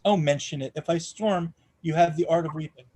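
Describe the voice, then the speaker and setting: A man reading the part of a passionate, brooding gentleman in an audiobook, with an impassioned, pleading delivery. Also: a little high, a little fast, close to an everyday voice. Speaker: reader in a charity readathon.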